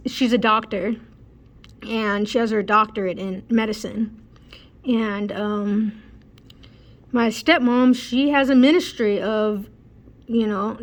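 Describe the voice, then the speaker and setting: Earnest woman with a higher voice. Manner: earnest, repeats phrases, frequent fillers like um and you know; mimics preachers in a raised, heated voice. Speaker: spiritual vlogger. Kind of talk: casual spoken reflection to camera.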